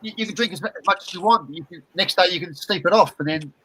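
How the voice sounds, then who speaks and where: Male, rambling talker, bright and fairly high voice, lots of fillers. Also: quick pace, slightly rough, poor audio. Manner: rambling, repeats words, many fillers. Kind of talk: casual chat.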